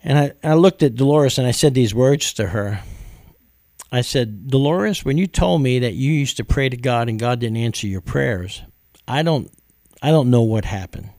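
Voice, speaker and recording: A man's voice: mid-range voice, animated, normal speed, a little mellow, no room sound, clean studio sound. Earnest man telling a testimony. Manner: earnest storytelling, frequent uh fillers. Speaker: preacher. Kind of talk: testimony sermon.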